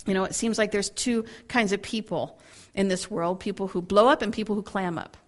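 A woman's voice: mid-range voice, brisk. A woman speaking to a women's group in a Bible teaching, acting out angry people's words, laughing often and restarting her sentences. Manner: animated, acts out angry quotes, laughs often; repeats words when starting sentences.

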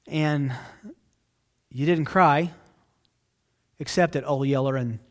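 Male pastor, fairly high voice, earnest conversational sermon, dynamic from hushed to loud. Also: slow pace. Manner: earnest, conversational preaching with asides to listeners.

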